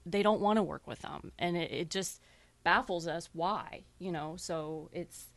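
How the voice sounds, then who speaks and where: Female guest, low-pitched, earnest, dry recording. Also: measured pace, vocal fry, no echo. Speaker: mortgage professional guest. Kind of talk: casual talk show chat.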